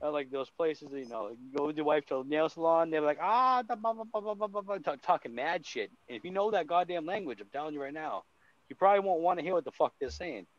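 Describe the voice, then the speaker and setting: A man's voice: fairly high pitch, fast talker, no room sound. A man co-hosting a casual, crude chat, swearing freely, laughing often and slipping into mocking voices. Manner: animated, profane, laughs a lot, does mocking voices. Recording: dull lo-fi sound.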